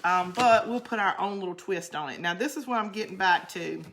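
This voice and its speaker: A bright, forceful voice belongs to a middle-aged woman. She chats loosely and rambles from one thought to the next. She answers her viewers directly as she works on a craft. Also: medium pitch, fairly quick, a little hiss or hum. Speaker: craft channel host. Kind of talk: casual livestream craft chat.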